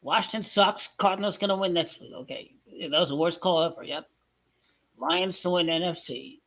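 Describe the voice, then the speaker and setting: A man's voice: high-pitched, moderate pace, a bit bright, low-quality recording. A man giving a casual football rant as a vlogger, blunt and profane, rambling with stumbling restarts.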